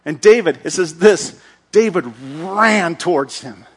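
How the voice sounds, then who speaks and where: Guy preaching a bible story, high voice, does all the voices and sound effects. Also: a little slow, slightly rough. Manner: lively, acts out characters with shouts and sound effects. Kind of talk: animated Bible storytelling sermon.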